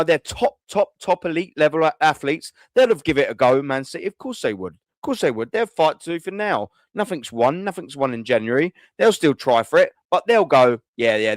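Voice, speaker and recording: Angry guy ranting on a webcam, swears a lot, bit high voice, dead dry sound. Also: no echo. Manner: furious, sweary, repetitive. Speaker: call-in show host. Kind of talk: angry fan rant.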